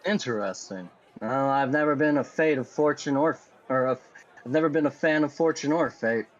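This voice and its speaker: A man narrating as game master for a tabletop game, in an animated, playful way. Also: medium pitch, brisk, lo-fi sound.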